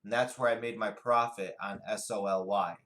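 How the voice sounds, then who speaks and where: A man narrating a stock chart walkthrough, explaining trades in a steady, unhurried way. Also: fairly low pitch, poor audio. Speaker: day trading educator. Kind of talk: screen-share chart walkthrough.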